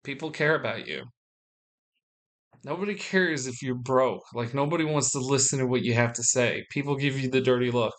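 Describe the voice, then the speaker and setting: A man's voice: medium pitch, normal speed, a bit bright. A young man talking to his viewers in a rambling, casual monologue, full of restarts and the odd swear word. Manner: meandering, frequent restarts and swearing. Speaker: vlogger.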